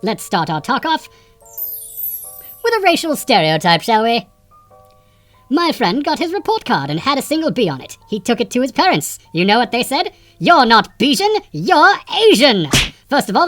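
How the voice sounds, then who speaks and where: A man voicing a pompous puppet word expert who hosts a comedy segment, sarcastic and quick to indignant rants. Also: very high voice, pushed and bright, heavily acted. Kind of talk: sketch comedy monologue.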